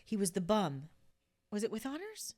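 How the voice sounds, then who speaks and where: A woman in her fifties from New Jersey, chatting as a podcast guest in an even, mid-pitched voice. She tells her stories in an animated way, slipping into the voices of the people she quotes and filling her sentences with "like.". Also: moderate pace. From New Jersey, USA. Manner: animated, acts out quotes, many fillers of "like". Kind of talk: casual anecdote storytelling.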